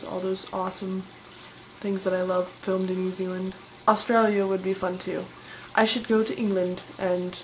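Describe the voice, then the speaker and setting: A woman's voice: medium pitch, a little mellow, slight background noise, low-quality recording. A young woman in her twenties, chatting casually and enthusiastically as she answers questions in a vlog. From Colorado, USA. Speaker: vlogger.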